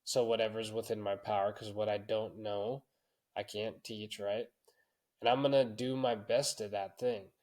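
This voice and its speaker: A man's voice: on the low side, level tone, moderate pace, a little mellow. A man in his thirties co-hosting a podcast, telling a story in a loose, swearing, laughing way. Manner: profane, storytelling, laughs often. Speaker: podcast co-host. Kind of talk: casual podcast chat.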